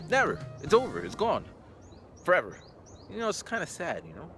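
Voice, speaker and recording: A man in his forties telling a story in a casual vlog, animated, and acting out sounds and voices. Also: a little fast, faint music behind. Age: 40s. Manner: animated, acts out sounds and voices with big pitch jumps. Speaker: English teacher in Japan.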